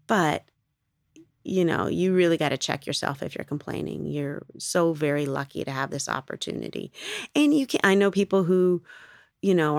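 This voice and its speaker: A low-voiced woman with a gravelly fry talks through an interview in a loose, rambling way. She laughs easily between thoughts. The sound is dry and close. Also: dry recording. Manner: chatty and rambling, laughs often. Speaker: actress being interviewed. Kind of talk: casual interview answers.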